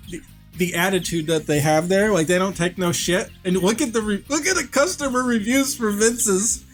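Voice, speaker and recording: Lively laughing New man. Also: high voice. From New York. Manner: animated storytelling with lots of laughter. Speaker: game developer streaming. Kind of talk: casual chat.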